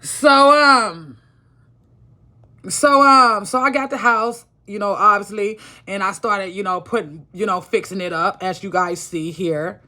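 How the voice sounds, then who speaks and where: A woman's voice: medium pitch, a little slow, pushed and bright. A woman telling a personal story to the camera in a rambling, profane, heated way. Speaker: vlogger. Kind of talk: casual storytelling vlog.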